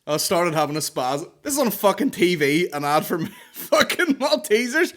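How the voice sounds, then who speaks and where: A man's voice: high voice, moderate pace. A man hosting a comedy podcast, ranting crudely with lots of swearing and acted-out bits. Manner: lively, mocking, swears a lot, acts out bits. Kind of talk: crude comic rant.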